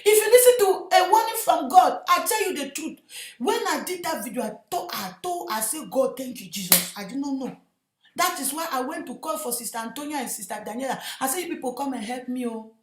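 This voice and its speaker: A woman evangelist preaching an impassioned sermon in English, which is not her first language, often breaking into shouts and addressing listeners as her sister. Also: high-pitched, lively intonation, fairly quick, reverberant. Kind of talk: fervent sermon.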